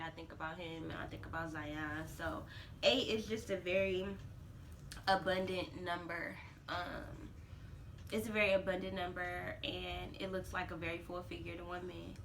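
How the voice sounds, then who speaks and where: A woman's voice: lowish voice, sharp tone. A young woman talking candidly in a home vlog, rambling and emotional, laughing through tears at times. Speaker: vlogger. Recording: distant mic, faint background noise.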